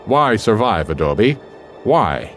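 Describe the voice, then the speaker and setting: A man voicing a calm, wise male wolf who leads the pack, speaking quietly and firmly. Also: on the low side, takes it slowly, soft background music, voice pushed up, exaggerated voice. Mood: solemn. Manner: quiet, firm, solemn.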